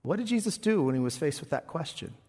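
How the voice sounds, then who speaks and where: A male pastor preaching a sermon, expressive, swinging between loud passages and hushed ones. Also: a little high, quick pace, husky, long reverb tail.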